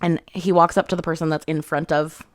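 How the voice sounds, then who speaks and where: Woman gushing thru a book recap, lots of "like", kinda low voice, dry no-room sound. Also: flat delivery, fairly quick, no room sound. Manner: chatty, frequent "like" and asides. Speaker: book reviewer.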